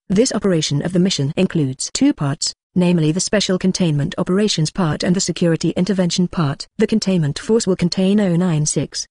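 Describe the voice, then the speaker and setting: A narrator reads a translated web novel aloud at a medium pitch, in a steady, even delivery. Dialogue gets the same plain treatment as the narration. The recording is dry and close, with no room sound. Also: dry recording. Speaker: audiobook narrator.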